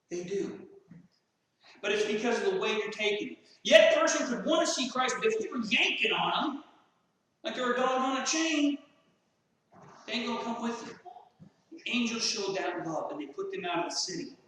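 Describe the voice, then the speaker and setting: A male pastor preaches in a folksy way with a high, bright voice. He is heard from a distance in a small church, and his voice echoes through the long reverb of the hall. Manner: folksy, acts out quoted voices. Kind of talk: sermon.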